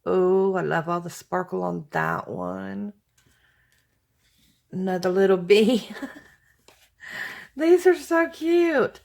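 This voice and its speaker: A woman's voice: medium pitch, slow pace, vocal fry, long pauses, a little mellow. A woman chatting casually to viewers as she unboxes craft mail, gushing and exclaiming with thanks. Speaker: craft vlogger opening mail.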